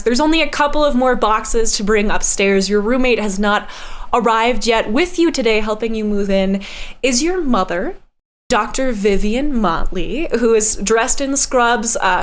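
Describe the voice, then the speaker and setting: A woman narrating a tabletop game as game master in a measured, descriptive way. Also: on the high side.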